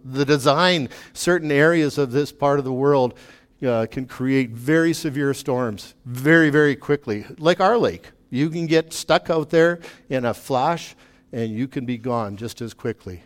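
A man, a pastor, giving an earnest sermon with emphatic, repeated pleading questions to his congregation. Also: medium pitch.

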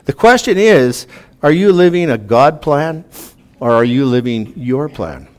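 A man's voice: medium pitch, big pitch swings, unhurried. A man preaching a sermon to a room, earnest, reading scripture aloud with emphatic rises.

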